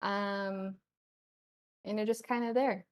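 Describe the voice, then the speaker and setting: A woman's voice: medium pitch, steady tone, takes it slowly, a little hiss or hum. A woman narrating as game master in a tabletop game, hesitant and giggly, with lots of fillers.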